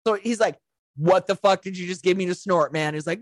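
A woman's voice: lowish voice, brisk, no echo. Chatty woman recapping a movie. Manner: rambling storyteller, swears a lot, laughs often. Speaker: podcast co-host. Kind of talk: casual movie recap chat.

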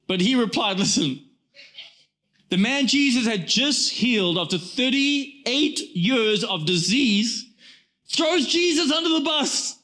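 A man in his forties delivers a church sermon in a high, ringing voice. He hammers his points through repetition and keeps turning to the congregation with "guys.". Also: animated, slow pace, bright, forceful tone. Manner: emphatic preaching, repeats phrases, addresses congregation as "guys". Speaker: pastor.

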